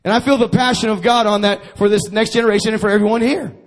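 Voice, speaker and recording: A man's voice: high voice, fairly even intonation, quick pace. A man preaching a sermon to his congregation, calling for responses and repeating his phrases. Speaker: pastor.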